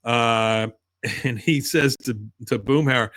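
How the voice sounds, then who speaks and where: A man's voice: medium pitch, normal speed, fairly bright tone, no room sound, studio quality. A man hosting a podcast, casually recapping an episode in a loose, rambling way with lots of fillers. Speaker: podcast host.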